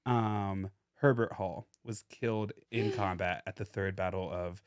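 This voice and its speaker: A man's voice: deep voice, fairly even intonation, measured pace, clean tone, dry recording, clean studio sound. A young American man casually telling a true-crime story as a podcast co-host, full of "like" fillers. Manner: chatty, lots of "like" fillers and laughter.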